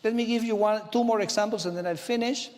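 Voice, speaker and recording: Brief: male minister, Argentine Spanish accent in English, high pitched, lively anecdotal speech, reverberant hall. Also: fast talker. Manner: animated storytelling, frequent "okay?" asides. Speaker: government minister giving a speech. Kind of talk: speech to a business audience. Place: large conference hall.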